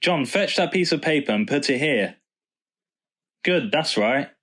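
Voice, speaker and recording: A gentle, thoughtful father who speaks in a patient, explaining way, read by a male storyteller. He sounds calm and fond, with a lift of brightness. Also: on the high side, a little slow, voice pushed up. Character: kind, patient father and vicar. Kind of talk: storybook reading.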